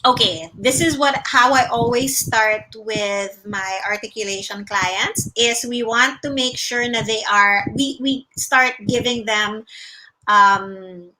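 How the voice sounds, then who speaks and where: A woman's voice: on the high side, slow, bright, forceful tone, rough recording. A Filipino woman, a speech-language pathologist, giving casual livestream advice in a mix of English and Tagalog and explaining patiently. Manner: explains patiently, demonstrating mouth sounds with emphasis; greets viewers by name.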